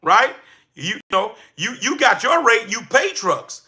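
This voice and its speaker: High bright-voiced man coaching live. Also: slow. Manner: energetic, preachy, bursts into excited shouts. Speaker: livestream host and business coach. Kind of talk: live-stream coaching talk to chat viewers.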